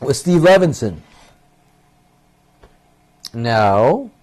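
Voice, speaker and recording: A man's voice: medium pitch, sing-song, very slow, a little mellow. Agitated, profane man in his fifties. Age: 50s. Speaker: vlogger. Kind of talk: rambling monologue.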